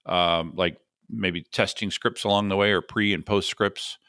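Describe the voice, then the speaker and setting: A man hosting a tech podcast, chatting casually and upbeat with lots of quick affirmations. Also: sits low, steady tone, bright, forceful tone, no room sound, studio quality. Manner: upbeat, conversational, frequent affirmations. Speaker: podcast host.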